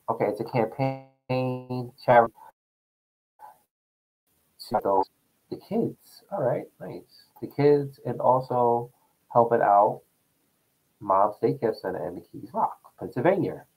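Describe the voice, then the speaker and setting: A young man hosts his own show, talking straight through the news and his own stories with loose, rambling energy. His voice sits at an ordinary middle pitch, and he jumps between topics in a casual, chatty way. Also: a little slow, creaky, slightly rough, rough recording. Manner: rambling, animated storytelling with laughs. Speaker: talk show host. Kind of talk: casual commentary monologue.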